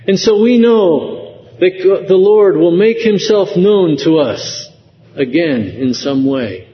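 Male preacher, slow and earnest, somewhat high voice, lo-fi church-hall recording. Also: animated, a little hiss or hum. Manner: slow, earnest preaching with rising emotional emphasis. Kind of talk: sermon. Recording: dull lo-fi sound with long hall reverb.

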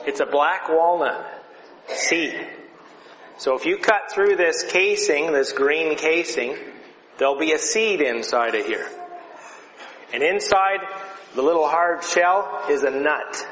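Guy doing a kids' story time, lively and chatty, slightly high voice, echoey hall with faint hiss. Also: slow, pauses often. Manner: lively, conversational storytelling with demonstrations. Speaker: storyteller for children. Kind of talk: children's object lesson. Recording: reverberant hall, faint noise.

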